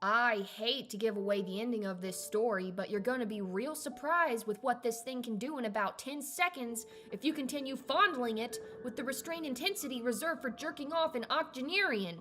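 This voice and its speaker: A woman's voice: a little high, fairly quick, few pauses, a bit bright, pitched above the performer's own voice, natural voice. Woman reading as a sneering, bossy chief doctor. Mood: commanding. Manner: curt, sarcastic, barking orders. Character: harsh, imperious female chief of medicine. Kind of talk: horror story reading. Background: faint music.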